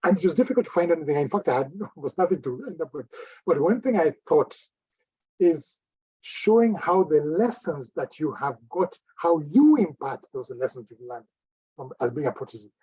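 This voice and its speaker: Man, fairly high, husky, dry and dull-sounding line, warm evaluator. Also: expressive, normal speed, no echo. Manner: encouraging, repeats phrases for emphasis. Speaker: speech evaluator at a club meeting. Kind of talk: spoken speech evaluation.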